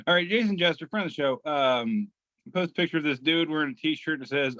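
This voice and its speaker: This man's voice sits on the high side, with a sharp tone. Co-hosting a laid-back podcast, he stumbles through reading memes aloud, restarting often and filling gaps with hesitations, and the dry, slightly muffled audio has no echo.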